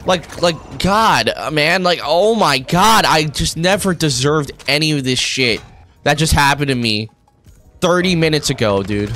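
A young man vents his frustration in a loose, profane, slang-filled stream while gaming. His voice sits at a middling pitch, and he keeps stalling and restarting as his irritation builds. Faint game gunfire ticks away underneath. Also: a bit bright, a little hiss or hum. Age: young adult. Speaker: college student gamer. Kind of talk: ranting commentary over gameplay.

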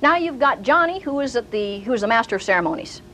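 Speaking fast in a slightly high voice, an older female Bible teacher delivers a sermon through animated stories, performing each character's quoted lines. The low-quality recording carries slight background noise.

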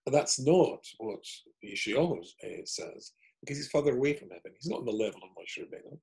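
A man's voice: mid-range voice, animated, fairly quick, creaky, darkish tone, low-quality recording. A man, a rabbi, giving a chatty online Torah lesson over a video call, thinking aloud as he works through the text on a shared screen. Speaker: rabbi teaching a weekly Torah class.

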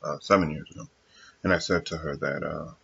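Brief: low raspy man, breathy grit, measured earnest vlogger, dull lo-fi sound. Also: fairly even intonation, bright, forceful tone. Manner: measured and earnest, with frequent pauses and fillers. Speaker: vlogger addressing his viewers. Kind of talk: casual reflective monologue.

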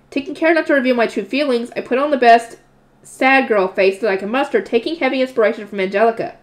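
A woman's voice: a little high, fast. A woman reading a light novel aloud and stopping now and then for casual comments. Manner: breaks off for chatty comments and laughs at herself.

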